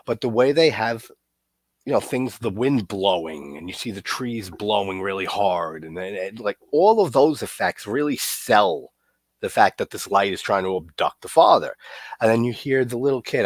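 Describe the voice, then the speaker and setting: A man's voice: low voice, dry recording. A young man giving a loose, joking, profane recap of an old horror film as a reviewer. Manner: loose and profane, laughs and jokes while recapping. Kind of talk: casual film commentary.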